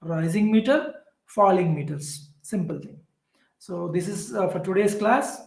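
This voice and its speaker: Teaching an exam-prep literature class, a southern Indian man explains things patiently and repeatedly, often saying "uh." He speaks at a measured pace in a high, expressive voice that is gravelly and a little mellow. The low-quality recording carries noticeable reverb.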